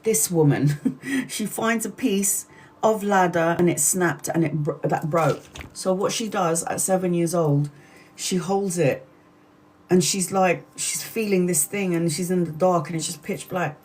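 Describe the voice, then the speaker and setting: A woman hosting a tarot live stream, retelling a story in an animated, chatty way and acting out the quoted speech. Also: fairly low pitch, a little slow. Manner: chatty, addresses viewers mid-story.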